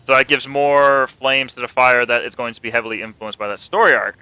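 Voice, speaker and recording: A man's voice: medium pitch, fairly quick, bright, forceful tone, clear, resonant tone, low-quality recording. A man co-hosting a casual comic and movie news show, rambling, joking and swearing. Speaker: podcast co-host.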